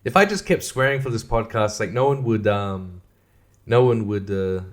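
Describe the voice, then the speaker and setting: A man's voice: fairly low pitch, normal speed. A man hosting a solo podcast, rambling and swearing freely, laughing often and stumbling over restarts. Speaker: podcast host.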